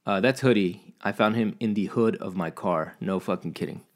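A man casually vlogging from home, a profane, animated storyteller who rants about his day. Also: fairly low pitch, normal speed. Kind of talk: casual rambling monologue.

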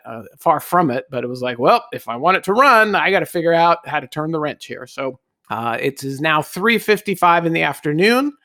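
A middle-aged man, a guest, telling a personal anecdote in a casual, animated way and acting out the voices he quotes. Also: a little high, no room sound, clean studio sound. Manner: animated storyteller who acts out quoted voices.

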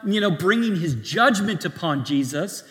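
High-voiced man preaching in a hall. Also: moderate pace. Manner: conversational preaching with restarts and lively asides. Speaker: young adults pastor. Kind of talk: sermon.

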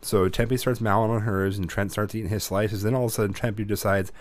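Low-voiced man telling rambling stories. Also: fairly even intonation, brisk, dry recording. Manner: rambling storytelling, swears freely. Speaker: podcast co-host. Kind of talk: casual chat.

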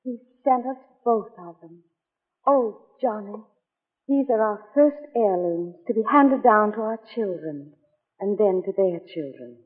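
An actress in a 1940s radio play voicing an earnest, emotional young wife who speaks from the heart. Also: female voice, medium pitch, expressive, unhurried, breathy edge. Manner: earnest, heartfelt, scolding tenderly. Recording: tinny old radio broadcast with reverb.

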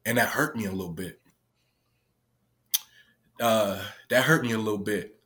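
A man's voice: fairly low pitch, normal speed, fairly bright tone. A man who works with young people, telling a story in a casual way, with lots of swearing and fillers. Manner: loose, profane, full of "like" fillers. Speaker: youth worker.

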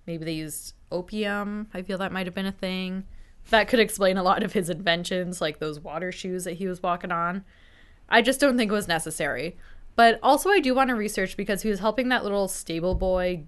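A woman's voice: mid-range voice, a bit bright. Jokey woman podcast guest. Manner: jokey, laughs often. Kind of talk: casual chat.

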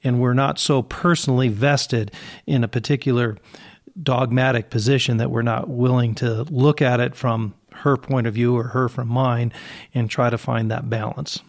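A man's voice: medium pitch, fairly even intonation, normal speed. A man speaking as a guest in an interview. He explains his points earnestly and at length, in a thoughtful way. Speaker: guest, sales partner. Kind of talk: casual interview talk.

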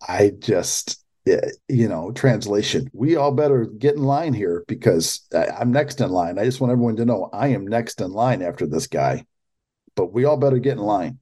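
Warm and slightly rough, his voice sitting on the lower side, a man hosts a political podcast with an air of disbelief. He keeps stopping and restarting his sentences as he talks.

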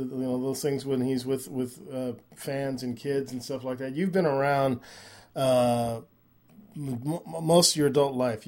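A man's voice: on the high side, darkish tone. A man hosting a talk radio show, asking long questions with many restarts and fillers.

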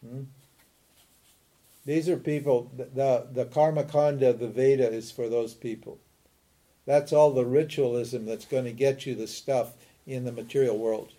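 A man giving a spiritual talk on scripture, who keeps asking his listeners rhetorical questions and tossing in a quick "huh?" while he chuckles. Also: mid-range voice, steady tone, mellow. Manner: chuckles often while explaining. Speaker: spiritual teacher.

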